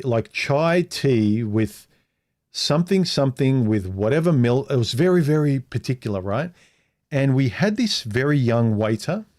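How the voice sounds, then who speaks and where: A middle-aged man talks on a casual livestream, telling a personal story in a frank, loose way. His pitch sits in an ordinary middle range, and he keeps doubling back and restarting his sentences as he goes. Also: darkish tone. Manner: rambling, frank, restarts often and acts out quoted speech. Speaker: vlogger.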